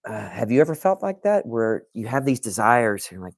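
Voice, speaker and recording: A man's voice: medium pitch, big pitch swings, quick pace, few pauses, no room sound, clean studio sound. A man hosting his own podcast, chatting casually and directly with live viewers and reading their comments. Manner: conversational, talks straight to chat, restarts often. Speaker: podcast host. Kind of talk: casual livestream talk to viewers.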